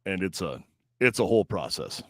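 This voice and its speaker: A man's voice: low-pitched, fairly quick, no echo. Laid-back male podcast host, dry sound. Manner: relaxed and chatty, easy laughs. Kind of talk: casual podcast chat.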